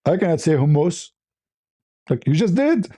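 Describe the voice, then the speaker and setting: A man hosting an online religious debate. He argues forcefully and mocks his opponent, laughing often and hammering his points with repeated rhetorical questions. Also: fairly high pitch, very animated, normal speed, husky. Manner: argumentative, mocking, with frequent laughs. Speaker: debate host.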